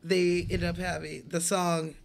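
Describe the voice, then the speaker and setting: A man co-hosting a casual movie podcast, telling stories in an animated way, acting out the people he quotes and swearing freely. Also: high voice, measured pace, creaky. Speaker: podcast co-host.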